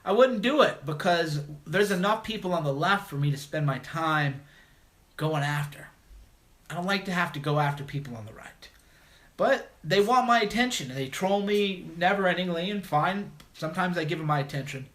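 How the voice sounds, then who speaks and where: A man's voice: high voice, lively intonation, moderate pace, a bit bright. A man hosting a call-in livestream, talking bluntly and mocking his critics in a combative monologue. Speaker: livestream host.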